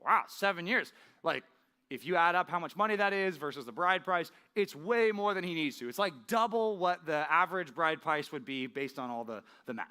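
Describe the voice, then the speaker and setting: A male pastor preaching a sermon in a conversational, animated way, often checking in with the audience. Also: on the high side, moderate pace, clean tone.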